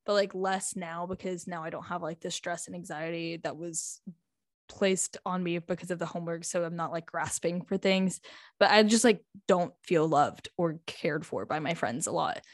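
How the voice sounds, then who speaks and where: A woman's voice: fairly low pitch, moderate pace, dry recording. Chatty eighteen-year-old girl, dry close sound. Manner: chatty, lots of "like" and "um", laughs often. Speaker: high school student. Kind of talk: casual storytime vlog.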